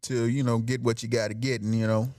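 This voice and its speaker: A man's voice: mid-range voice, little pitch movement, fast talker, darkish tone, no room sound. Brash man joking in a dry room. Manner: brash, joking, laughs at his own bits. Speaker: podcast host. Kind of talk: casual comedic monologue.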